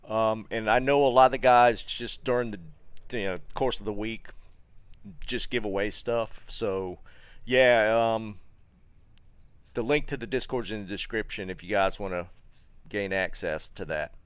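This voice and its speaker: A man runs a casual live game stream and chats with viewers between plays. His voice is smooth and clear, recorded close and dry. He talks loosely, with plenty of fillers and restarts. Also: lowish voice, no echo. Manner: relaxed, chatty, halting with many fillers and restarts. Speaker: streamer host.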